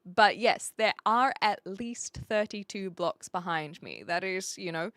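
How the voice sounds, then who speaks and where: A woman with a New Zealand accent chats casually with her viewers on a live stream, rambling and laughing often as she reads their messages. Her voice is bright and clear. It sounds close and dry, with no room echo. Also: medium pitch, unhurried. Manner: chatty and rambling, laughs often, self-deprecating.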